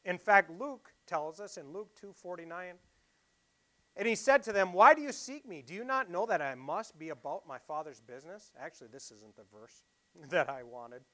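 A man preaching a sermon, asking his listeners questions and swinging between loud emphasis and quiet asides. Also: high-pitched, lively intonation, normal speed. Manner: asks the congregation rhetorical questions.

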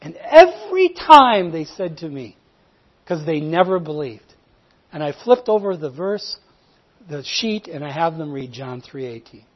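A man teaching how he shares the gospel, telling stories in an earnest voice that swings from emphatic to hushed. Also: a little high, very animated, unhurried, breathy edge. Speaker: evangelism teacher. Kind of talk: teaching evangelism technique. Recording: dull lo-fi recording.

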